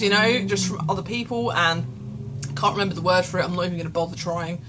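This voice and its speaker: A woman's voice: on the low side, steady tone, fast talker, noisy background. A young woman vlogging candidly into her phone, rambling and self-deprecating, tearful and shaken. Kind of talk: candid confessional vlog. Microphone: phone camera.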